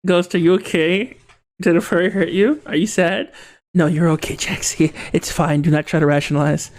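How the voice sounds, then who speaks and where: A live streamer in casual chat with viewers, joking and breaking into excited shouts. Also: medium pitch, moderate pace. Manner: excitable, jokey, bursts into laughing shouts.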